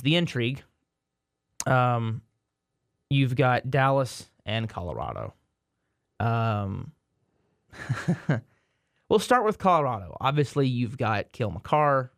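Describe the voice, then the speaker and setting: Casual rambling male sports host, dry recording, mid-pitched. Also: big pitch swings, normal speed, no echo. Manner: rambling, repeats words and restarts, self-deprecating. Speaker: podcast host.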